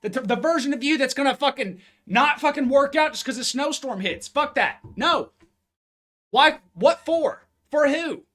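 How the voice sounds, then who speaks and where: A man's voice: very high voice, animated, unhurried, bright, forceful tone. A man, a fitness coach, giving a blunt, intense live-stream pep talk full of cursing, speaking into a phone.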